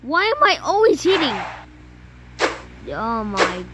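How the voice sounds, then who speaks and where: A high-pitched woman talks through a mobile game in an unhurried way, grumbling at it and letting out sudden yelps. It is recorded on a phone microphone, and heavy noise sits under her voice. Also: sing-song. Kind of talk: casual gameplay commentary. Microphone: phone microphone during screen recording.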